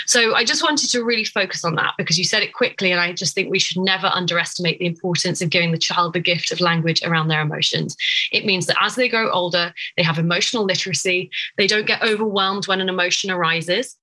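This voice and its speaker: A woman's voice: lowish voice, fast, low-quality recording. A woman, a clinical psychologist, explaining her ideas in a podcast interview and acting out everyday examples as she goes. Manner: warm, expressive explainer, acts out examples.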